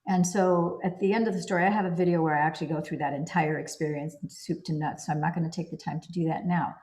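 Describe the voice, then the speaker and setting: A woman's voice: deep voice, fairly even intonation, fast, darkish tone. A woman host reading aloud from a book and then sharing her own experiences, talking in an earnest, emphatic way and piling up lists of words. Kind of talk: reading aloud and personal commentary.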